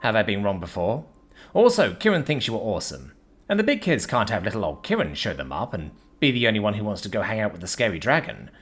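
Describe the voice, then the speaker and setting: Cocky swaggering guy, lively, a touch husky, played by a man in a storybook reading. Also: on the low side, quick pace. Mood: breezy. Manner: breezy, swaggering, teasing. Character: cocky, cheerful male human adventurer.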